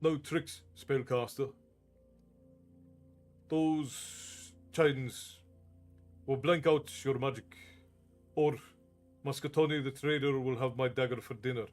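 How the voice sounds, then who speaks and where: A man's voice: medium pitch, steady tone, slow pace, pauses often, faint music behind, lightly acted. A man voicing a cold, threatening male slaver who speaks in a harsh whisper. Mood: menacing.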